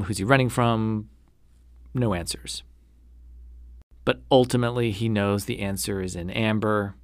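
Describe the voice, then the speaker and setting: A man's voice: on the low side, dry recording. A man hosting a podcast, chatting casually about a novel and reading passages aloud. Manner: conversational, reads quotes aloud with asides. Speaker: podcast host. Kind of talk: casual book discussion podcast.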